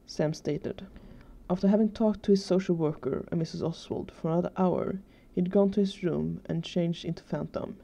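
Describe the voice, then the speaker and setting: Low, mellow woman reading a story. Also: moderate pace, vocal fry. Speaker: fanfiction reader.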